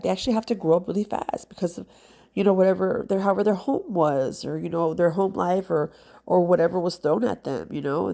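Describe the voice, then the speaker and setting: Low gravelly heartfelt woman. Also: warm tone. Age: adult with children. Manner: rambling, heartfelt, many fillers. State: congested. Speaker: nail artist vlogger. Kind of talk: casual talk to camera.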